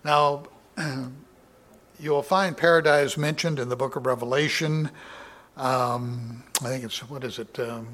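A man giving a Bible study sermon, reading verses aloud with raised emphasis and explaining them in a loose, conversational way with many fillers and some throat clearing. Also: medium pitch, steady tone, slow, a bit bright. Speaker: Bible teacher.

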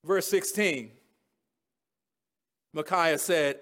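In an expository sermon, a preacher with a notably high, fairly bright voice goes through a scripture passage verse by verse. Speaking a little slowly, he retells the story in casual modern language and chuckles at his own jokes.

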